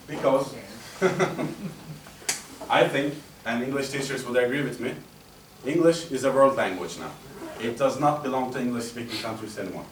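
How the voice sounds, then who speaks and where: A man's voice: medium pitch, measured pace, pauses often. Man telling a humorous speech. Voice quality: animated, chatty storyteller. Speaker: club speaker. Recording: roomy echo, distant mic, faint hum.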